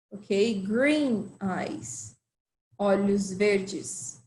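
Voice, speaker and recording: Slow, patient woman language teacher. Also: a little high, a little mellow, reverberant, low-quality recording. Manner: slow, repeats phrases for learners. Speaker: Portuguese teacher.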